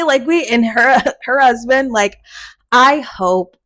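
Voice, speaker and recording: A young adult woman hosting a podcast, telling a personal story in a casual, animated way and swearing freely. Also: a little high, slow pace. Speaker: podcast host.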